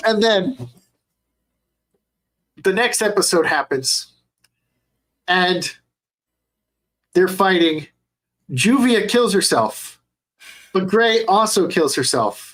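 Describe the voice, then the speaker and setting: A young adult man co-hosting a podcast in casual chat, excitable and cursing freely as he retells scenes. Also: high-pitched, takes it slowly, long pauses. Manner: excitable, swears a lot while retelling scenes. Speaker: podcast co-host.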